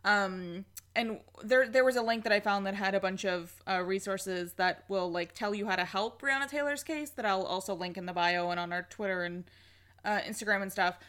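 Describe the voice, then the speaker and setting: A young woman co-hosting a podcast in casual chat, excitable and gushing, swearing freely. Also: mid-range voice, normal speed, smooth. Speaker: podcast co-host.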